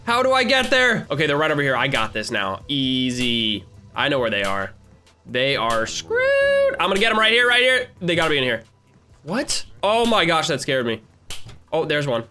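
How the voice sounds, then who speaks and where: Excitable, giggly man gaming. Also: a little high, a little fast. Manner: excitable, giggly, playful taunting. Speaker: gaming channel host. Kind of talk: gameplay commentary.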